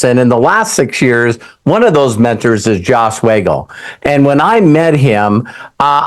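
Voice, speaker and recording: Man, 60s, mid-pitched, gushing testimonial speaker who rambles and restarts. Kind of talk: enthusiastic testimonial.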